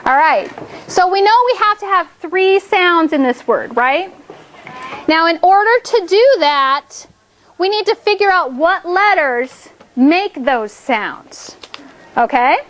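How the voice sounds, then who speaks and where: A woman teaches a class in an upbeat, encouraging way, with a high, bright-pitched voice. She talks the children through each step and keeps checking in with "okay?". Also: animated, slow pace, a little hiss or hum. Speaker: elementary school teacher.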